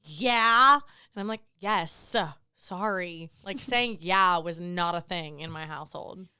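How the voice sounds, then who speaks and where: A woman bartender co-hosting a casual podcast, chatty and quick to laugh, often going off on tangents. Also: lowish voice, fairly even intonation, pushed and bright, clear, resonant tone, no room sound, studio quality. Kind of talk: casual chat.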